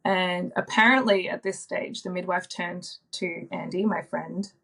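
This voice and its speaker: A woman in her thirties, a podcast guest telling a personal story in a soft, reflective way with frequent ums and likes. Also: on the low side, steady tone, measured pace, vocal fry. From Australia.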